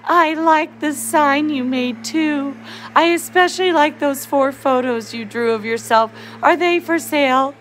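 A woman's voice: high voice, measured pace, fairly bright tone, a little hiss or hum, pitched above the performer's own voice, poor audio. A woman doing a sweet old granny bird. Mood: fond. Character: sweet elderly grandmother bird.

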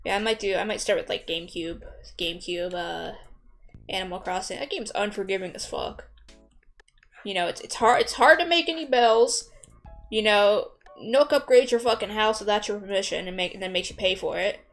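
A woman's voice: mid-range voice, moderate pace. A young woman rambling casually as she draws, swearing a lot, mocking herself and laughing often. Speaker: artist vlogger. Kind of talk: casual rambling commentary while drawing. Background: soft background music.

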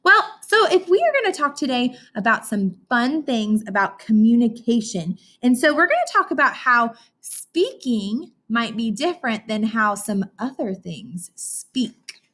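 A woman's voice: fairly high pitch, very animated, unhurried, hardly any pauses, fairly bright tone. A woman teacher reading a picture book aloud to children, asking them questions and imitating animal sounds. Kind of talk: children's read-aloud lesson.

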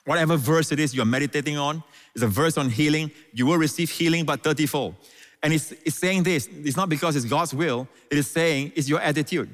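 A man's voice: a little high, brisk, a bit bright. A man teaching scripture as a guest on a talk show, emphatic and fond of repeating key words, with frequent fillers. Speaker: pastor and guest.

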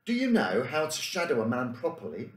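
A man's voice: medium pitch, wildly swooping pitch, a little fast, pitched above the performer's own voice. A man doing a know-it-all schoolboy. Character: knowing schoolboy, full of advice. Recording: roomy room echo.

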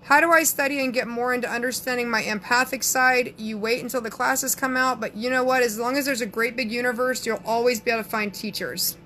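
Woman, Southern accent, sassy, brash live-stream chat, highish voice. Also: fairly even intonation, brisk, hardly any pauses, bright, forceful tone, slight background noise. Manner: sassy, brash, reads viewer comments aloud. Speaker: psychic answering live chat.

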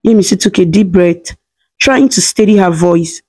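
A woman reading a scripted story in a steady, dramatic way. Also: lowish voice, moderate pace.

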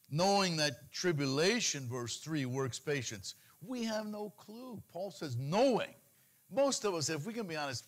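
A middle-aged pastor preaches an animated sermon. He breaks into pleading cries in a higher voice as he mimics anxious, worried believers.

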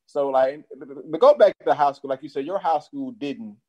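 A man co-hosting an interview in a casual way, asking loose, relaxed questions. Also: fairly high pitch, moderate pace. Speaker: co-host.

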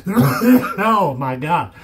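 A young man talking in a hyper, giddy vlog at home, rambling and bursting into loud silly exclamations. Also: sits high, very noisy. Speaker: vlogger.

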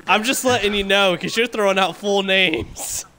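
A man's voice: sits high, moderate pace, pushed and bright, a little hiss or hum. A young man streaming a game, chatting casually with friends and protesting when they tease him. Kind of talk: casual gaming chat.

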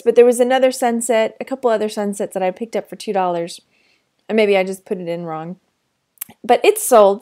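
A middle-aged woman from Texas giving a casual weekly sales update as an online reseller, chatty with frequent fillers. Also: a little high. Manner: chatty, warm storytelling with frequent fillers and laughs.

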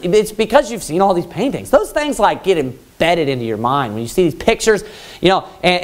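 A man preaching a Baptist sermon loudly and emphatically, repeating his points and rising to yelling. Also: sits high. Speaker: pastor.

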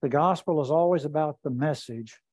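Man, pastor, bible study teaching, deliberate, repeats phrases, dark mellow voice. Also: fairly high pitch, low-quality recording.

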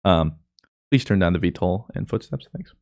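A man's voice: deep voice, expressive, moderate pace, a little mellow, no room sound. A man co-hosting a gaming podcast, chatting casually with friends and making sarcastic, rambling jokes. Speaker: podcast co-host.

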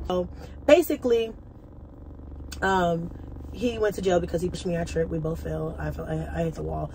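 Young woman vlogging, low-ish voice, swears a lot, rambles and restarts, faint hum behind. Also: steady tone, normal speed, pauses often, warm tone, low-quality recording. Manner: blunt, profane, rambling retelling with restarts. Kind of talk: casual storytime vlog.

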